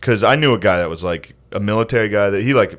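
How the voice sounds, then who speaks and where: Laughing podcast host riffing casually. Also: male voice, fairly low pitch, fast. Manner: riffing, laughs often, drops into silly bits. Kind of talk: casual comedic chat.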